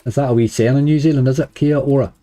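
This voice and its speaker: A hoarse man with a Northern Irish accent, chatting casually to viewers on a live stream. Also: mid-range voice, steady tone, fast talker, mellow, dry recording, soft background music. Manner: chatty, uses "wee" and "like" often. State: hoarse, dry throat. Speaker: slots streamer.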